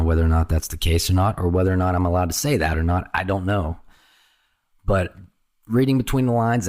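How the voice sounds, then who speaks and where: Animated storytelling man, lowish voice. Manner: animated, jumps into quoted voices, swears freely. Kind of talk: casual storytelling chat.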